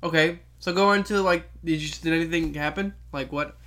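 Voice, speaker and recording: Teasing young speaker, bright tone. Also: medium pitch, steady tone, fairly quick. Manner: teasing, jokey, interrupts with silly guesses. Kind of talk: casual chat.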